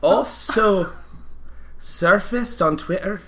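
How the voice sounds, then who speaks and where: A man's voice: high voice, drawn-out words, bright, forceful tone, pitched above the performer's own voice, heavily acted. Man putting on a fussy old Scottish nanny. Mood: reading aloud. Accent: put-on Scottish. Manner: genteel, fussy, calls everyone dear. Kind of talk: comedic character skit.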